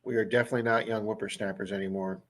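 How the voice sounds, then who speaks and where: A man's voice: on the low side, fairly even intonation, racing, fairly bright tone. Chatty man with a Baltimore accent. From Baltimore area, USA. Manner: chatty, answers viewer comments by name. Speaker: livestream host. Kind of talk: casual livestream chat.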